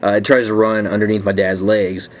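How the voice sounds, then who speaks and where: A man's voice: on the low side, little pitch movement, a little fast. A young man casually telling a home story with lots of fillers and restarts. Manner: rambling, filler-heavy, self-correcting. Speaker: vlog host. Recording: dull lo-fi webcam audio with faint hiss.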